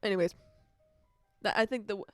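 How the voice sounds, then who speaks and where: A woman's voice: medium pitch, brisk, dry recording, soft background music. A young woman hosting her own casual podcast, rambling chattily and breaking into snatches of song. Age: young adult. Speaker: podcast host. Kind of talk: casual solo podcast chat. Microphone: earbuds.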